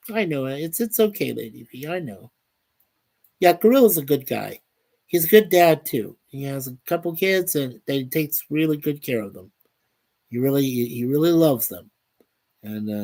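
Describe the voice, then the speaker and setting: A man hosting a casual live stream, reading viewer comments aloud in an unhurried way and chuckling often. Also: a little high, dark tone. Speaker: livestream host reading chat.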